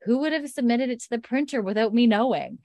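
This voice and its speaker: A woman's voice: on the high side, fast talker, darkish tone, no room sound, clean studio sound, voice pushed up, close to an everyday voice. A woman quoting a composed, practical healer in a plain, explaining voice while recapping a show.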